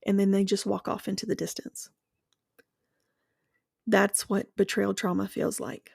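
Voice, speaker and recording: A woman speaking in a slow, measured, earnest reflective monologue, walking the listener through guided imagery and then sharing her own experience. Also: medium pitch, little pitch movement, vocal fry, slightly rough, no room sound, studio quality.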